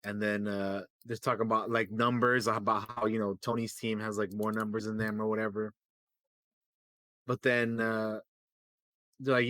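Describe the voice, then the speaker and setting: A man's voice: lowish voice, flat delivery, moderate pace, bright, forceful tone, no room sound. A man co-hosting a podcast, casually recapping comics with lots of fillers and swearing, acting out quoted lines. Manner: rambling, profane, many fillers, acts out quotes. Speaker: podcast co-host.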